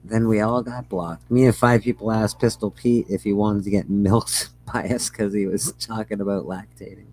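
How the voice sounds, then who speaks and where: Husky low-voiced guy, dry and blunt, just chatting. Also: fairly even intonation, normal speed, few pauses, a little mellow, poor audio. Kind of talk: casual group chat.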